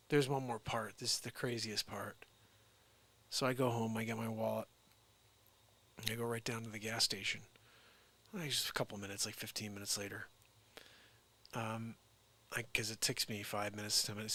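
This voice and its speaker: A man hosting his own show, telling a personal story in a casual, animated way and acting out both sides of each conversation. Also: mid-range voice, no room sound. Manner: animated retelling with quoted dialogue. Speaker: show host.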